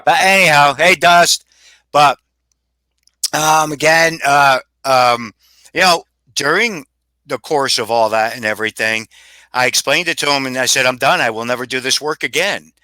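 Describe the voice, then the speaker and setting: Bright-voiced storytelling man. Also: medium pitch, moderate pace, no room sound. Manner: rambling, salty, swears freely. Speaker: paranormal investigator guest. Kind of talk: casual storytelling.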